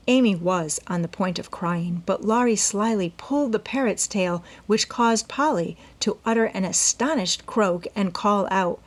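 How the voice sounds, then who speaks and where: A woman's voice: medium pitch, unhurried, hardly any pauses. A woman reading a classic novel aloud as an audiobook narrator. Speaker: audiobook reader. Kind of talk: storybook narration.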